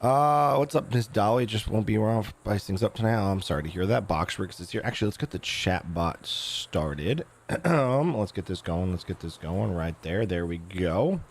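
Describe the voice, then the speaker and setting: Hoarse low-voiced male streamer. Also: expressive, normal speed. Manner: rambling, with many fillers and restarts. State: hoarse, losing his voice. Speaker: game streamer. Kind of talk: casual live-stream chat.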